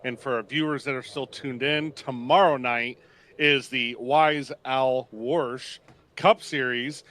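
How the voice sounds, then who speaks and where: This is a male color commentator who jokes and teases his way through race broadcast banter. His voice has a bright, forceful edge. His pitch sits at a normal middle level. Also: fairly even intonation, slow pace. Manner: joking, teasing banter. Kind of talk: sim racing broadcast commentary.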